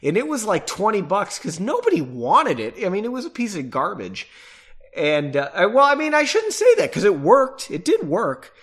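A man's voice: sits high, wildly swooping pitch, moderate pace, a bit bright. A man with a stuffy nose, chatting casually and rambling with self-mocking asides. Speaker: podcast host and reader. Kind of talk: casual chat and reading aloud.

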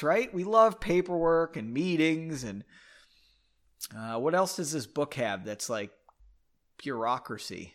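A man's voice: a little high, expressive, measured pace, pauses often, a bit bright. A man hosting a comedic book reading podcast, breaking off to drink and mock the text with sarcastic asides. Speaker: podcast host.

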